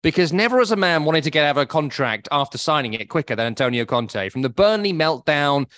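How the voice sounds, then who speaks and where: A man's voice: on the high side, animated, fast talker, fairly bright tone, no room sound, studio quality. A man co-hosting a casual football podcast, blunt, opinionated and wry. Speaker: podcast co-host.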